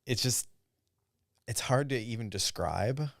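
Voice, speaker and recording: A man's voice: mid-range voice, animated, unhurried, gravelly, no room sound, studio quality. A middle-aged man with a hybrid American accent carrying slight Australian and Southern traces, talking casually as a guest, rambling with lots of ums and small chuckles. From Michigan, USA. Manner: rambling, filler-heavy, chuckles often. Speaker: guest, business owner. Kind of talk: casual interview chat.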